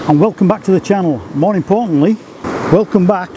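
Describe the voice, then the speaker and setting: A man's voice: high-pitched, brisk, background noise. A man, an enthusiastic photography vlogger chatting about a favourite old camera outdoors. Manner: enthusiastic, chatty, reads notes verbatim. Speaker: photography YouTuber. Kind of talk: casual camera review vlog. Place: outdoors by the coast.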